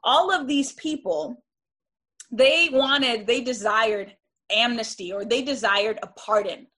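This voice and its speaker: Woman lecturing, kinda high voice, earnest and emphatic, keeps restarting and going "right?". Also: slow pace, fairly bright tone. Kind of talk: classroom lecture.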